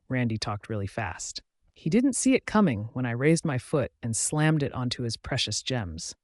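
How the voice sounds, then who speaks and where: A man reading a first-person story aloud in a steady, matter-of-fact way. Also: medium pitch, normal speed, no room sound, clean studio sound. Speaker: narrator. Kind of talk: scripted narration.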